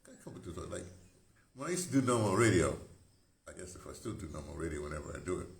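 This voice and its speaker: Speaking quickly in a low, gravelly, expressive voice, this ex-radio broadcaster delivers a rambling, casual monologue to camera, captured on the camera mic with a roomy sound. Incense burns in the indoor room. He strays off-script, cuts himself off, jokes to himself and wanders from one thought to the next.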